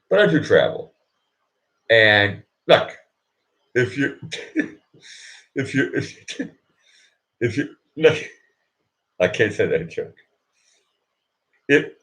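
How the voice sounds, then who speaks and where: Rambling man on a slow, lively live show. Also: mid-range voice. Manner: rambling, keeps repeating "look", stops and restarts. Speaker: host of his own live show. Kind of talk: rambling comic monologue.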